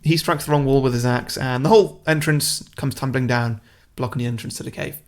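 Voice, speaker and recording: Man with a gravelly, rambling storytelling voice. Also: mid-range voice, steady tone, a little fast. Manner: rambling storyteller who chuckles at his own ideas. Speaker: podcast co-host. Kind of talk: casual chat, pitching a comic plot.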